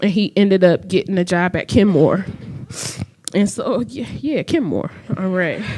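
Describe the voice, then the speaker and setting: A woman's voice: mid-range voice, lively intonation, unhurried, darkish tone. A middle-aged woman telling a personal story to an audience, conversational and acting out the lines of the people in it. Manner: conversational, acts out quoted dialogue. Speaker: speaker telling her story.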